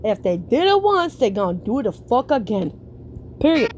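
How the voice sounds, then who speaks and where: A woman streamer giving a blunt, profane reaction rant, preaching in slow, drawn-out emphatic phrases. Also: a little high, big pitch swings, noisy background.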